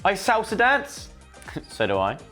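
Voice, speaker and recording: A man's voice: high-pitched, wildly swooping pitch, a little slow, pushed and bright, faint music behind, voice pushed up, exaggerated voice. A man doing a teasing young Spanish woman.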